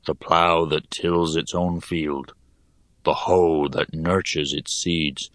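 A man voicing a burly middle-aged male laborer who speaks calmly, slowly and plainly. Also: very deep voice, no echo, studio quality, heavily acted. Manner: calm, slow and plain-spoken. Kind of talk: audiobook character voice.

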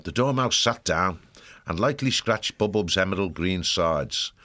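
Guy narrating a storybook, really low voice, steady and even. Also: measured pace.

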